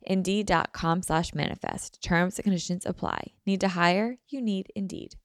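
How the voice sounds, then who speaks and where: Gravelly low female ad read. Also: steady tone, moderate pace. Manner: smooth, promotional. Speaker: ad reader. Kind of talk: scripted podcast ad read.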